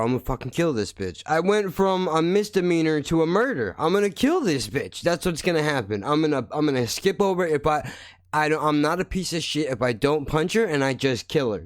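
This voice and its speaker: A man's voice: on the high side, no echo, clean studio sound. A man hosting a podcast, ranting in a blunt, heated, constantly swearing monologue. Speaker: podcast host. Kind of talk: angry profane monologue.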